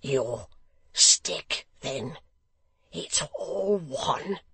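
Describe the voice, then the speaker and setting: A man voicing a sullen, beaten young rioter who speaks in a sulky, gruff way. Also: a little high, expressive, extremely slow, sharp tone, no room sound, exaggerated voice. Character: sullen, wounded young rioter, whispering hoarsely.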